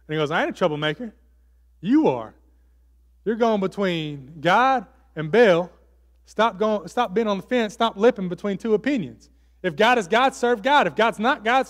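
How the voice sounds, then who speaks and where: A man's voice: high-pitched, fairly bright tone, big-room sound. A man preaching a sermon as pastor, telling the story casually with fillers and acting out the quotes. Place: church hall.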